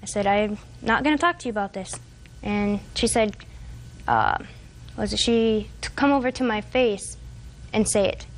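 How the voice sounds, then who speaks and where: A woman's voice: medium pitch, moderate pace. A woman in her twenties testifying as a defendant in a TV courtroom, telling a long, hesitant, rambling account. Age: 20s.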